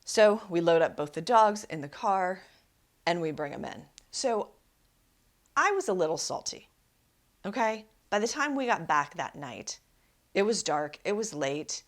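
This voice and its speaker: A woman's voice: fairly low pitch, expressive, measured pace. A woman life coach hosting a podcast, telling a personal story and giving relationship advice in an emphatic, conversational way, often asking "right?". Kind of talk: solo podcast talk.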